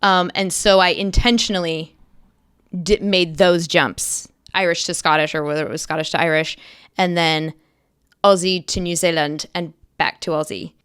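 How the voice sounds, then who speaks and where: A middle-aged woman, an actress, chatting as an interview guest and telling animated stories with lively quoted bursts. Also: on the low side, moderate pace, clean tone, dry recording, studio quality. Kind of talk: casual interview chat.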